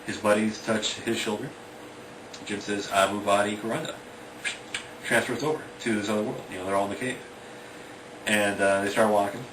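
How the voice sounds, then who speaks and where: A man's voice: on the low side, fairly even intonation, brisk. A man casually retelling a story in a rambling way, full of fillers like "you know" and "like". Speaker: author retelling his book. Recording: distant, echoey and noisy.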